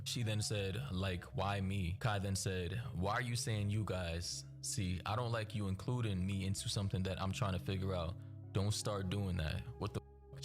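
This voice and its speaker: A man with a very low voice reads a scripted recap in a steady, even delivery. He reads text messages aloud one after another, and loud background music plays under his voice. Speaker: narrator of a news recap video.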